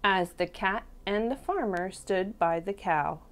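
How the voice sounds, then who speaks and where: Woman reading a picture book aloud. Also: medium pitch. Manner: expressive, slow, questions to the children. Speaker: preschool teacher. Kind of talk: storybook read-aloud for toddlers.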